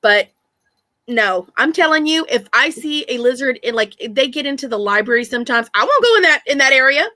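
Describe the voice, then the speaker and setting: A woman's voice: a little high, a little fast, pushed and bright, dry recording. A woman hosting a live stream, telling rambling stories in casual chat with lots of restarts. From Texas. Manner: chatty storyteller, rambling with many restarts.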